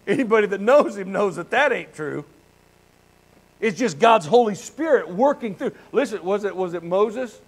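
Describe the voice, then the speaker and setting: A man's voice: sits high, lively intonation, moderate pace, poor audio. A man in his sixties, a pastor praying fervently and then preaching in a folksy, candid way in a church. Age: 60s. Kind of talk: prayer and casual sermon. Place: church sanctuary.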